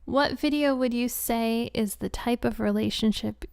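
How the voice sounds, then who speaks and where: Soft-spoken woman with a gravelly, fry-edged voice. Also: on the high side, normal speed, dry recording, studio quality. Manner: soft-spoken, drifts into whispers, many "um" and "like" fillers, giggly. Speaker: ASMR creator answering viewer questions. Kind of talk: casual live-stream Q&A chat.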